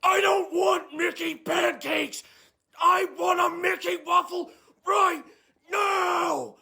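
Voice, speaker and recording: A man's voice: very high-pitched, steady tone, moderate pace, bright, forceful tone, reverberant, shouting, pitched above the performer's own voice. A man playing a furious, entitled father throwing a screaming tantrum over breakfast in a comedy sketch. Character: screaming entitled dad at a theme park breakfast.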